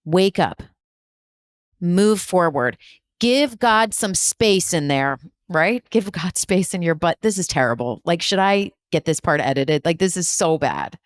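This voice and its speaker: A woman's voice: on the low side, lively intonation, normal speed, hardly any pauses, no echo, studio quality. A woman hosting a spiritual podcast, giving an emphatic, repetitive motivational talk with blunt swearing and humor. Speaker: spiritual medium and podcast host.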